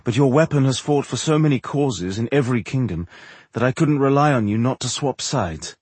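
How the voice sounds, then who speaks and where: A man's voice: medium pitch, expressive, fairly quick, a little mellow, breathy edge, no room sound. A man voicing a cool-headed female mage who talks in a dry, teasing way.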